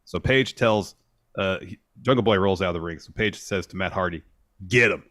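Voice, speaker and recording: A man co-hosting a casual wrestling podcast, recounting matches play by play in a steady way. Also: low-pitched, brisk, dry recording, clean studio sound. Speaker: podcast co-host. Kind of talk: casual wrestling recap chat.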